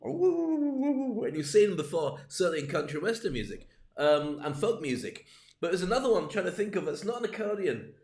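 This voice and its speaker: A man's voice: on the high side, animated, quick pace, roomy sound. A man hosting a casual comedic talk to camera, rambling and digressive, acting out gestures as he goes. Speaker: host. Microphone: streamed from home, camera.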